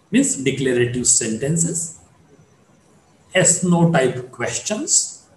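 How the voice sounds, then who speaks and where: A man giving a recorded online phonetics lecture, explaining slowly and repeating points for students. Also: high-pitched, roomy sound, rough recording.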